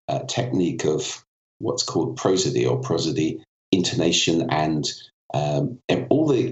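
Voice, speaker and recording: Very deep-voiced man with a cold. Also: roomy sound, muffled recording. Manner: articulate, demonstrates vocal effects as he explains. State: has a cold. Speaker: podcast guest, voice and communication expert. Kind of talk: explanatory interview talk.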